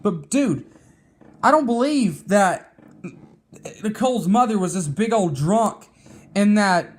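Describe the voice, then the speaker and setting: A man with a fairly high voice delivers a heated vlog rant. He curses freely, stumbles and restarts his words, and keeps circling back to the same points. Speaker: vlogger. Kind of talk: angry rant to camera.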